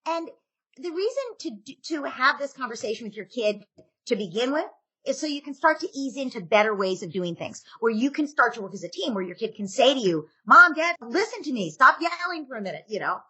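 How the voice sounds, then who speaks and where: A woman's voice: fairly high pitch, lively intonation, a little fast, fairly bright tone, breathy edge. A middle-aged woman, a parenting expert, giving advice in a casual podcast interview and acting out parent and kid lines.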